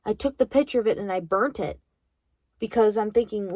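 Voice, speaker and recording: A woman's voice: fairly high pitch, lively intonation, brisk, a little mellow, no room sound. A young woman in college venting bluntly about her grandmother, swearing freely in a bitter monologue. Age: young adult. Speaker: vlogger.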